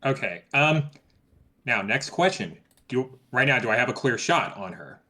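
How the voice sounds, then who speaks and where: A man's voice: mid-range voice, lively intonation, moderate pace, bright, forceful tone. A man playing a tabletop game, asking careful questions with fillers. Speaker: player. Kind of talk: casual tabletop play.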